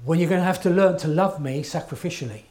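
A man's voice: a little high, fast talker, a little mellow. Earnest male preacher mid-sermon. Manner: earnest, emphatic, checks in with the congregation.

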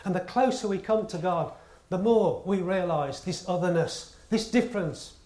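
A man's voice: high-pitched, moderate pace, darkish tone. A man preaching a sermon in earnest tones, stressing his points through repetition and rhetorical questions. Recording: echoey room.

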